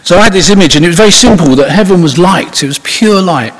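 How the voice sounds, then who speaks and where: A man's voice: sits high, fast talker. A man giving an informal, conversational sermon, rambling with restarts and asides. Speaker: preacher. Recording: husky voice in long hall reverb.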